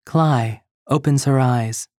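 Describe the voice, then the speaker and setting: A narrator reading literary fiction in a slow, measured storytelling voice. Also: medium pitch, darkish tone, dry recording, clean studio sound. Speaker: audiobook narrator.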